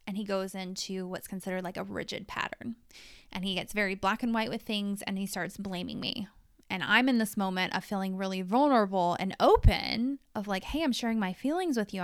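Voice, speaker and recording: Woman host, 30s, frank confessional monologue, smooth voice, close dry mic. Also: medium pitch, a bit bright, no echo. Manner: frank and confessional, with casual swearing. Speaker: podcast host. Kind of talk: candid personal monologue.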